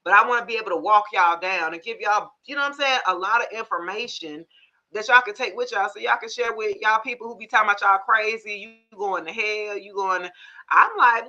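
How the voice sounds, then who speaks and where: Very bright, frank-talking woman tarot host. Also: mid-range voice, a little fast, dull audio. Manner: animated storyteller, frank and cussing, asks the audience for agreement. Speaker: tarot reader hosting a live stream. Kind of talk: casual live-stream chat.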